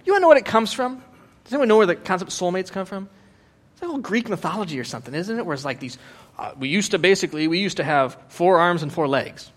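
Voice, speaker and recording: A middle-aged man preaching a sermon as a pastor, animated and joking, acting out voices as he goes. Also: high voice.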